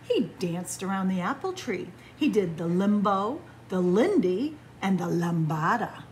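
A woman librarian reading a picture book aloud to children in a playful, animated storytelling manner. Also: mid-range voice, a little slow, a little hiss or hum.

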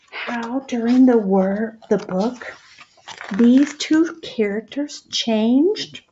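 A woman reads a picture book aloud to children at an unhurried pace, with plenty of expression. She stops now and then to ask the young listeners questions. The recording sounds a little muffled. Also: on the high side, dark tone.

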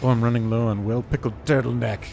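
A man's voice: mid-range voice, fairly even intonation, fast, vocal fry, a little mellow, slight background noise. A man streaming an online game and talking through it live, playful and joking. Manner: playful and joking, with bursts of laughter and silly sounds. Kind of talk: live gameplay commentary.

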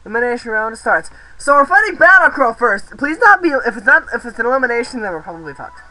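A young man casually commenting on his gameplay, rambling, swearing and shouting excitedly at the game. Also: extremely high pitch, fast, dry recording, poor audio. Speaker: let's play host.

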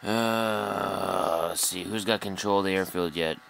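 A man's voice: low voice, steady tone, unhurried, vocal fry, fairly bright tone, a little hiss or hum. A young man giving casual, frustrated commentary over a flight combat game, muttering and swearing at enemies. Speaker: gameplay commentator. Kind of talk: live gameplay commentary.

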